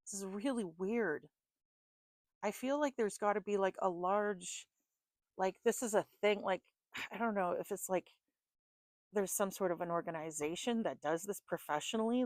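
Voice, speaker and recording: A woman's voice: mid-range voice, moderate pace, no echo. A woman giving a casual tarot reading to her viewers, frustrated and swearing often, laughing at her own exasperation. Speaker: tarot reader.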